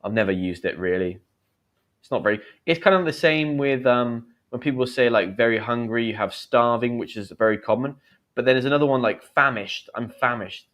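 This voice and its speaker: A man's voice: mid-range voice, a bit bright. Chatty English teacher in his thirties. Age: 30s. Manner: chatty, explains slang with quick examples and acted lines. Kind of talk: live-streamed English lesson.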